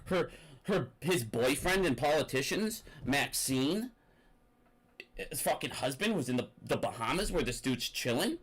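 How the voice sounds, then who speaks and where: A man's voice: medium pitch, expressive, measured pace, fairly bright tone, slightly rough, rough recording. A young man giving an angry, profane, rambling rant about finance. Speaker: finance commentator. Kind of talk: ranting commentary.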